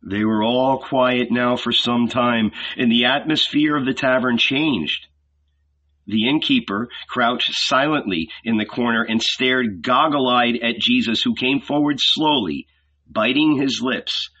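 Slow, husky male novel reader. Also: medium pitch, pushed and bright. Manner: measured, deliberate delivery. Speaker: audiobook reader. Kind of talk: dramatic novel reading. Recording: dull lo-fi recording.

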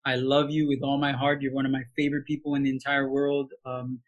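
A man's voice: mid-range voice, monotone, a little fast, highs cut off. A man in his late thirties from Hawaii, a sportscaster telling heartfelt stories as a podcast guest, with frequent restarts. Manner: heartfelt storytelling with many restarts. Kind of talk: casual podcast interview.

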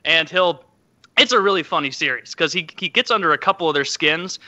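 Bright-voiced man in casual chat. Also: on the high side, lo-fi sound. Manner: animated storyteller, quick impressions of people. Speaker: podcast co-host.

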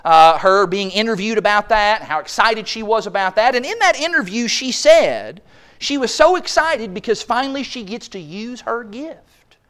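A man's voice: sits high, lively intonation, moderate pace, fairly bright tone, clear, resonant tone. A man preaching a sermon from a church pulpit, building rhetorical questions and acting out mock quotes from others. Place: church sanctuary. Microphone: pulpit microphone.

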